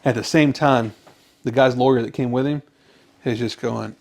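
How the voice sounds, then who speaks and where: A man co-hosting a casual podcast, telling a long joke with lively character voices. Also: normal speed, creaky. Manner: animated joke-teller, jumps to high pitch for characters. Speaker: podcast co-host.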